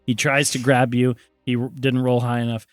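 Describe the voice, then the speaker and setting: A man's voice: medium pitch, little pitch movement, no echo, faint music behind. Playful man running a tabletop game. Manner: brisk, playful narration. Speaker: game master.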